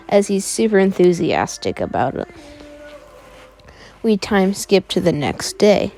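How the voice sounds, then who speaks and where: A woman's voice: medium pitch, dark tone, rough recording. A woman casually improvising a story, rambling with many fillers.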